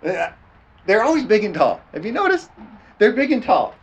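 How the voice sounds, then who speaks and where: A man's voice: high-pitched, very animated, moderate pace, dull audio. A man preaching a storytelling sermon in a folksy, laughing way, often tossing "amen?" to the congregation.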